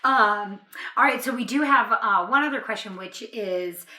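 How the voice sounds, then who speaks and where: A woman's voice: fairly high pitch, normal speed, pushed and bright, reverberant. A woman hosting a casual interview, chatty, laughing often and using many fillers. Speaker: podcast host.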